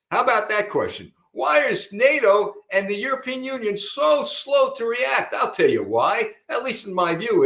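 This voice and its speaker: A man's voice: high voice, fairly bright tone. An older man hosting a political commentary broadcast, emphatic and repetitive, often calling listeners folks. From United States. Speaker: host. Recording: roomy echo.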